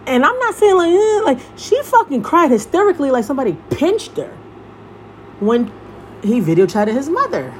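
A young woman and podcast host telling a personal story in a blunt, profane, animated monologue. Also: sits high, moderate pace, slight background noise. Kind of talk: casual monologue.

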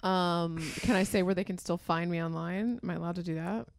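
A woman's voice: on the low side, steady tone, a little fast, creaky, no room sound, studio quality. A young woman co-hosting a podcast, chatty and self-mocking in casual talk. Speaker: podcast co-host. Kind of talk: casual chat.

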